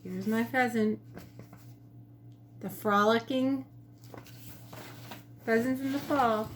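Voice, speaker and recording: A teacher reads her picture book to children from her kitchen in a high, bright voice. She takes it slowly and gently and leans into the storytelling. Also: slight background noise. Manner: gentle, slow and expressive storytelling. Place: home kitchen.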